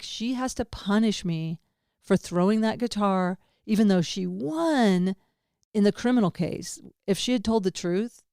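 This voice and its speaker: A woman's voice: medium pitch, darkish tone, no room sound, studio quality. A woman hosting a podcast, talking through a personal story in a candid, rambling way, swinging between laughter and grief and swearing casually. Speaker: podcast host. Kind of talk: personal monologue.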